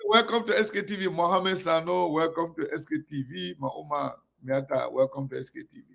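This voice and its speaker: A man's voice: a little high, steady tone, fairly quick, crowd noise. A man hosting a casual live-stream, greeting viewers one by one by name. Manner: gravelly. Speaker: online show host.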